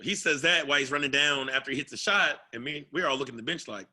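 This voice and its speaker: A man, a former basketball player, telling a story in a casual interview, animated and playful. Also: mid-range voice, quick pace. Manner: animated, playful, acts out what others said.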